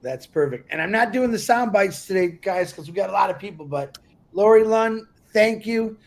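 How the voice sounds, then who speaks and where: A man's voice: sits high, expressive, normal speed, faint music behind. A male host affectionately thanking one guest and introducing the next. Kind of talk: casual show hosting.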